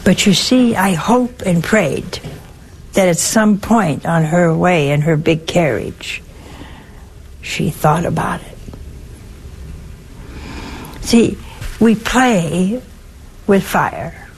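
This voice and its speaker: A woman's voice: lowish voice, expressive, very slow, long pauses, slight background noise, rough recording. A woman, a nun, giving a spiritual talk with folksy stories and pointed rhetorical questions. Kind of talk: sermon.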